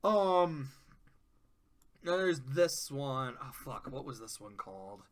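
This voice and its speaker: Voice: mid-range voice, animated, unhurried. A cartoon episode reviewer in casual video commentary, rambling with profanity and laughing asides.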